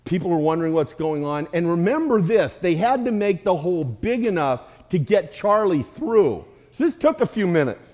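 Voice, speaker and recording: An animated man preaches to a congregation, telling a story with humor and playful asides. His voice sits fairly high and rings out in a hall with a long echo. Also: moderate pace, few pauses. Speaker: guest speaker. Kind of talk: storytelling sermon. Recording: echoey hall.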